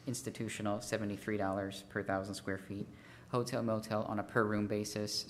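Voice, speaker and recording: Low-voiced man giving a methodical presentation. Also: a little hiss or hum. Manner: methodical, figure-heavy, frequent fillers and restarts. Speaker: consultant presenting a fee study. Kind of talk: formal presentation at a city council meeting.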